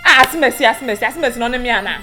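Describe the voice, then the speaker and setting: A woman's voice: fairly high pitch, rapid-fire, sharp tone, faint music behind. An actress playing an upset woman who demands answers. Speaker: film character.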